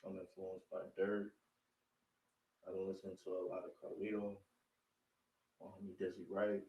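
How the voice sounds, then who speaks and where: A man's voice: low-pitched, completely flat delivery, normal speed, darkish tone, roomy sound, dull audio. A young man talking casually as a guest in an interview, laid-back and peppering his talk with "you feel me". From northern Illinois. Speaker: guest rapper.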